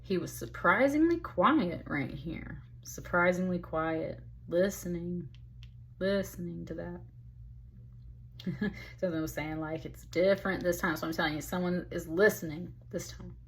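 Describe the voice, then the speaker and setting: A woman's voice: lowish voice, measured pace, slight background noise. A woman giving a casual, chatty tarot reading, talking straight to the listener and calling them honey. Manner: chatty, emphatic, calls the listener honey and baby. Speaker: tarot reader.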